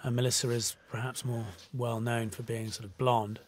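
A man's voice: medium pitch, flat delivery, normal speed, a little hiss or hum. A man from the United Kingdom talking through a film commentary in a loose, conversational way with many fillers. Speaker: film director.

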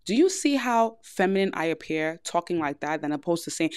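A woman's voice: medium pitch, lively intonation, fairly quick, hardly any pauses, background noise. Blunt New York woman giving advice. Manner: blunt, frank big-sister advice. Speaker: podcast host. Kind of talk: casual advice monologue.

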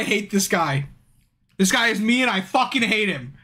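A drunk man streaming a game, chatting casually, swearing constantly and bursting into yells at the screen. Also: sits high, big pitch swings, normal speed. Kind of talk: casual livestream commentary. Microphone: streaming mic.

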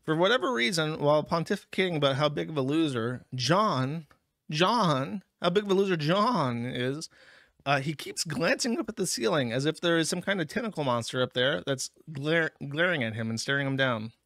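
A man's voice: on the high side, animated, normal speed, a bit bright, dry recording. A man hosting a stream and giving casual, wry commentary over clips. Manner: dry, wry, rambling. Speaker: show host.

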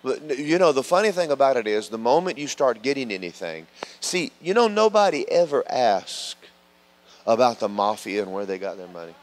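A man preaching a sermon in a church, telling stories in a lively way that moves between loud calls and quiet asides. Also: medium pitch, moderate pace. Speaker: pastor. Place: church sanctuary.

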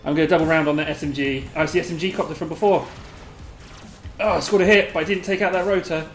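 A host giving live gameplay commentary, excitable and giggly, squealing a high catchphrase, then muttering quietly to themself. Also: fast. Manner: mutters quietly to self between bursts. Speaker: gaming video host. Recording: roomy echo, faint game music behind.

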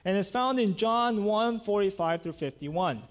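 A male pastor preaching a sermon and retelling scripture stories in a lively, conversational way. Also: high-pitched, a little slow. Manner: animated storytelling, paraphrasing scripture conversationally.

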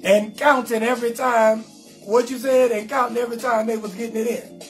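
Male comedian host, very high pitch, brash and profane, AAVE, faint music under him. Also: brisk. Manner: brash, profane, animated, talks straight to viewers. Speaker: comedian hosting a live call-in show. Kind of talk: loud comedic live-stream rant.

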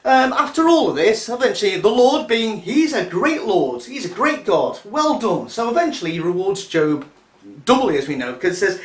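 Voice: medium pitch, big pitch swings, normal speed, reverberant. A speaker giving a casual, sarcastic and irreverent commentary monologue as a vlogger.

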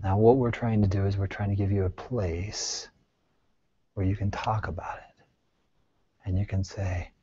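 A man with a lowish voice leads a group therapy session, pleading with his listeners and checking in with question after question. He drops to near-whispers, then pushes out emphatic lines. The recording sounds dull and lo-fi. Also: steady tone, measured pace, pauses often, slightly rough. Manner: earnest, swings between soft near-whispers and emphatic bursts; pleading, reassuring, asks the group frequent questions. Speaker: therapist leading a support group.

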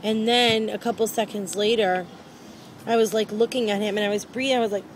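A woman talking straight to the camera in a personal vlog, her speech wandering and circling back with lots of fillers. Her voice sits at an ordinary middle pitch. A steady hiss of background noise runs under the recording. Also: brisk, rough recording. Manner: rambling and repetitive, with many fillers. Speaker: vlogger.

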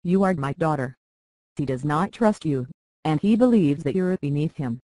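A reader voicing a calm, calculating middle-aged lord who speaks in measured, persuasive tones, in an audiobook. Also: mid-range voice, no echo, natural voice, poor audio. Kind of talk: audiobook character reading.

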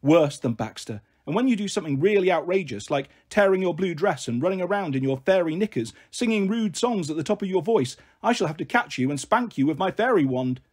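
A man's voice: high voice, animated, a little fast, few pauses, darkish tone, breathy edge. A man doing a playful big-sister girl. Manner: playful, coaxing storytelling.

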